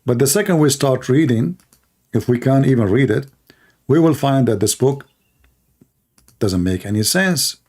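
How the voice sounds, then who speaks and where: A man hosting a call-in livestream, talking casually, mocking and laughing at callers and repeating words in quick bursts. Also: mid-range voice, expressive, darkish tone. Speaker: livestream host taking calls.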